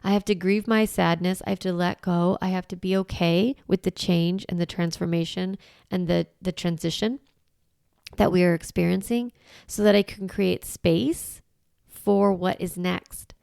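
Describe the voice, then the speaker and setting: A woman's voice: on the low side, steady tone, moderate pace, gravelly, a little mellow, clean tone, no room sound, clean studio sound. A woman in her forties hosting a solo podcast, talking in an earnest, reflective way with light laughs. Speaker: podcast host.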